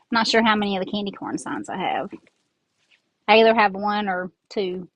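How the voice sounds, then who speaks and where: A woman's voice: medium pitch, normal speed, slight background noise, low-quality recording. A woman with a Southern accent chatting casually while she makes a craft, rambling as she works with her hands and a bit congested. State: congested from sinuses. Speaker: craft host. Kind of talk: casual craft tutorial chat. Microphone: earbud mic.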